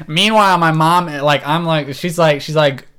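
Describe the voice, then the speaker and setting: A man in his twenties, a podcast co-host, telling a story in casual chat, animated and laughing often. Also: a little high, normal speed, clean tone. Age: 20s.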